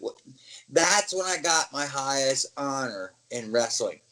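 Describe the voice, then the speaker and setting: In a low-quality recording, a man with a mid-range voice speaks a little slowly. He's a former wrestler being interviewed, spinning casual stories with the occasional curse and animatedly voicing what other people said.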